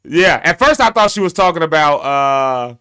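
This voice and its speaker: Bright-voiced laughing stream host. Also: male voice, fairly high pitch, expressive, normal speed, clear, resonant tone. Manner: laughs often, easygoing. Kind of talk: casual chat.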